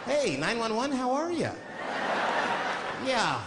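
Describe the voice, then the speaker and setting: A man's voice: high voice, sing-song, drawn-out words, voice pushed up, heavily acted. A man playing a breezy, unbothered caller. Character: eerily calm, chatty male emergency caller. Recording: echoey hall, loud crowd noise.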